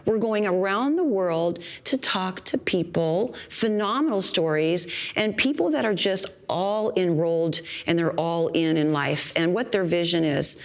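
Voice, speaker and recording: A woman's voice: lowish voice, expressive, moderate pace, vocal fry, few pauses, crowd noise, noisy background. A woman hosting a talk show in a bubbly, enthusiastic pep-talk manner.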